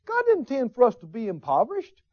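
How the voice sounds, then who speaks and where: A man's voice: very high-pitched, wildly swooping pitch, fast, no room sound. A man preaching a sermon, folksy asides and call-and-response with the congregation. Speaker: pastor. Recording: dull, slightly lo-fi sermon recording.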